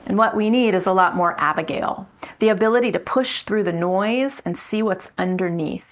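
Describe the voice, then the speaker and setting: A middle-aged woman with a mid-range voice preaches a sermon as a pastor. She speaks in a measured, earnest way, leaning on slow, emphatic repetitions.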